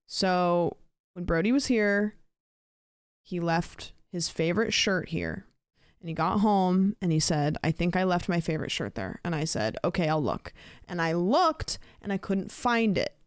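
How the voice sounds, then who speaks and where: A woman's voice: lowish voice, expressive, a little slow, long pauses, clean tone, no room sound, clean studio sound. A woman streaming a game, chatting casually and swearing as she plays and talks to her chat. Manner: casual and sweary, talking to herself and chat while playing. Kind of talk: casual gaming livestream chat.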